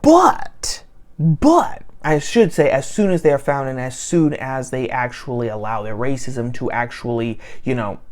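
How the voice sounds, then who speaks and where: A man hosting a solo political commentary show, sarcastic and animated, often turning to the listener with "okay?". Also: medium pitch, unhurried.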